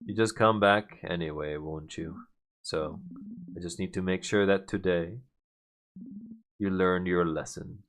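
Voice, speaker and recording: A man voicing a cruel male king villain in a game, speaking slowly and low with threats. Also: fairly even intonation, a bit bright, a little hiss or hum. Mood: menacing. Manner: slow, low, threatening delivery. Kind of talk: video game voice-over reading.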